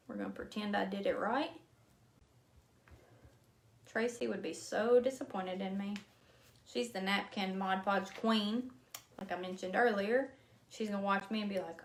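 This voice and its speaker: A woman with a mid-range voice talks at normal speed while hosting a casual craft livestream. The echoey room carries faint noise, and she keeps up a chatty, self-mocking banter, often laughing at her errors.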